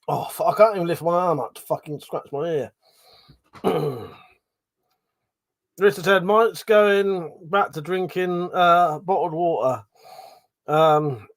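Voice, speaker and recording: Bloke on a livestream reading chat, sweary, chuckly, voice a bit on the high side. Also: male voice. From Britain. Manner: swears a lot, laughs, mumbles asides, self-deprecating. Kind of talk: casual live chat.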